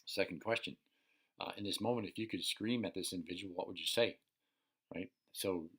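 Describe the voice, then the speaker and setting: This personal development coach gives an unscripted, casual teaching talk, swearing freely and frequently checking in with "right?" His low voice is brisk and slightly bright.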